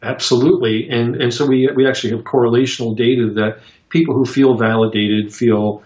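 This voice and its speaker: A man answering interview questions about psychotherapy in a halting, reflective way, with many fillers and restarts as he tells stories. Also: medium pitch, fairly even intonation, darkish tone. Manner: reflective storytelling. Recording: roomy, dull lo-fi sound.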